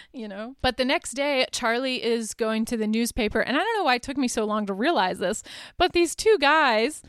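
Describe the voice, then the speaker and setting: A woman's voice: a little high, normal speed, fairly bright tone, clear, resonant tone, no room sound, studio quality. A woman hosting a podcast, casually recapping a film in a chatty way, with frequent ums and likes and light laughter. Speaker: podcast host.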